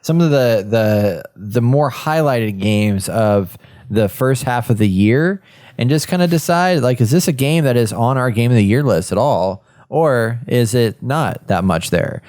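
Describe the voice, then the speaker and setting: A man, chatting casually as a podcast host. He rambles and restarts his sentences. His voice moves animatedly up and down in pitch. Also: animated, measured pace, darkish tone. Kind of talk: casual chat.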